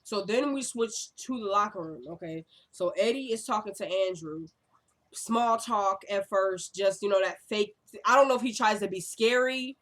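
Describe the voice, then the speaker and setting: Woman, TV recap vlogger, mid-pitched, chatty and sassy, rambling delivery. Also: moderate pace, a bit bright. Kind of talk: casual episode recap.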